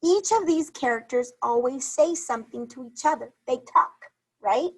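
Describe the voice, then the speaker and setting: A woman's voice: high voice, normal speed, breathy edge, rough recording. A woman teacher on a video call, leading a reading lesson for young children, encouraging and repeating questions to the class.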